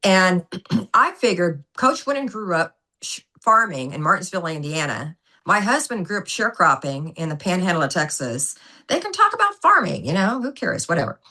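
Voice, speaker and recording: A woman guest on a podcast interview, an animated, emphatic storyteller who acts out what people said. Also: lowish voice, normal speed. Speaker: guest, former gymnastics coach.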